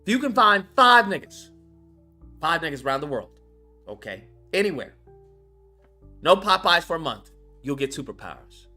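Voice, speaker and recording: A man's voice: fairly high pitch, very animated, normal speed, pauses often, bright, forceful tone, faint music behind, heavily acted. A man voicing a stern, weary God who sets terms in a comedy bit. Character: stern patient male God bargaining.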